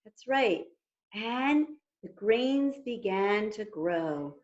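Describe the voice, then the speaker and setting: A woman telling a story at a storytime for toddlers, gently coaxing the children to join in. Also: mid-range voice, animated, very slow, lo-fi sound.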